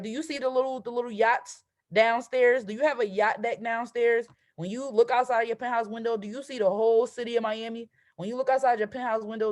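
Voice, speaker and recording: Lively woman coaching with constant "right?". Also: a little high. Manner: conversational, keeps asking "right?"; energetic and animated, acts out excited affirmations. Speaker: trading and mindset coach. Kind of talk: motivational solo talk.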